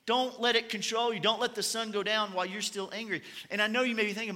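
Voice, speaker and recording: Speaking quickly, a Kentucky pastor with a bright, high male voice delivers a sermon. His style is laid-back storytelling with gentle humor, and his words echo with the long reverb of what sounds like a church auditorium.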